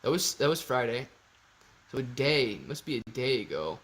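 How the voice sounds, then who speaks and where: A man hosting a casual livestream, reading viewer super chats aloud in a slangy, excitable way with sudden loud bursts. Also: mid-range voice, normal speed. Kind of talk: casual live-stream chat.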